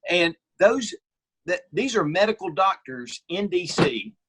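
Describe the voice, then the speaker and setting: Husky middle-aged man, opinionated. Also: sits high, lively intonation, a little slow, a bit bright. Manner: opinionated, storytelling. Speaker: guest, firearms reviewer. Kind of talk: casual interview chat.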